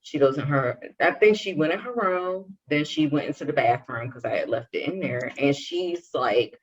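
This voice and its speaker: A woman's voice: low voice, animated, moderate pace, breathy edge. A young adult woman co-hosting a podcast, telling a personal story and acting out the dialogue with animation. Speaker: podcast co-host. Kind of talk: casual chat, personal story. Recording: dull lo-fi sound.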